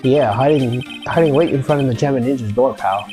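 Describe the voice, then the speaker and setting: Bumbling gruff detective, male, "pal" every line voiced by a woman. Faint music underneath. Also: a bass voice, fairly quick, mellow, pitched below the performer's own voice. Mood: flustered. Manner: blustering, says "pal" a lot, flustered.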